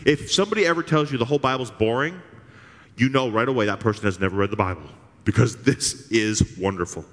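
A man preaching a sermon, animated and sarcastic, acting out the scripture with big swings in his voice. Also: mid-range voice, fast talker, long reverb tail. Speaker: pastor.

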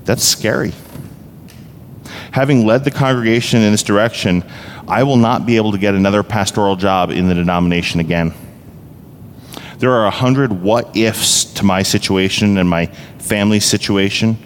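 A man preaching a sermon as a pastor, earnest and personal, growing emphatic. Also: moderate pace. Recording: echoey hall, faint rumble.

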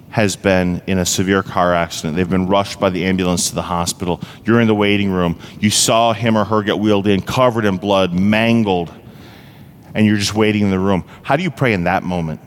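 Low-voiced pastor preaching in an echoing hall. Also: male voice, slight background noise. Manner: earnest, heartfelt, shifts between brisk explaining and slow emphasis. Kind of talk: sermon with spoken prayer. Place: church sanctuary.

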